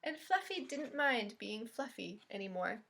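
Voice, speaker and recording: A woman reading a picture book aloud to children as a librarian, in an expressive, friendly storytime voice. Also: fairly high pitch, measured pace, vocal fry.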